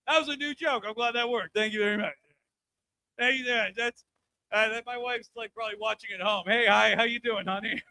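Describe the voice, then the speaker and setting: A man in his thirties doing a live stand-up comedy set, brash and loud, working the crowd and breaking into shouts. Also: very high voice, fairly even intonation, fairly quick. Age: 30s. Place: comedy club stage.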